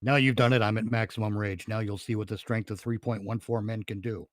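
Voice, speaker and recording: A man voicing an emotionless male supervillain in a flat monotone with no inflection, in a 1940s radio parody style. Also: on the low side, brisk, dry recording, lightly acted. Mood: deadpan.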